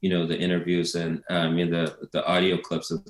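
A man's voice: deep voice, completely flat delivery, brisk. Rambling man, echoey room. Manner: rambling, storytelling, laughs while recounting. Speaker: documentary director, guest. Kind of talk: casual interview talk.

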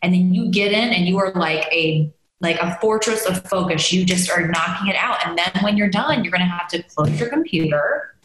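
A woman life coach speaks on a podcast in a reassuring, direct way. Her voice sits slightly low. The recording has a roomy echo around it. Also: moderate pace, few pauses, fairly bright tone. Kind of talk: coaching conversation as podcast guest.

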